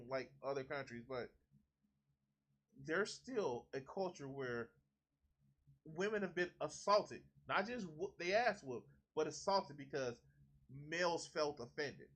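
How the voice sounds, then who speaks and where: A man with a high, bright and forceful voice rants through a live reaction stream. He sounds indignant and profane, and he mocks the speakers in the clip he is reacting to. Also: animated, measured pace. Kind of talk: heated reaction commentary.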